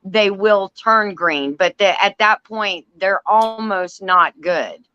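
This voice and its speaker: Woman viewer calling in, slow gushing chat, bright voice, dry dull lo-fi line. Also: medium pitch, clean tone, dry recording. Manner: chatty and gushing, laughs often. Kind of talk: casual chat.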